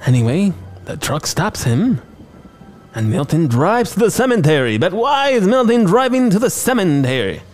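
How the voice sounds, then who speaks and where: Casting: excitable male podcast host, sarcastic recap, high lively voice. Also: normal speed, soft background music. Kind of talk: comedic movie recap.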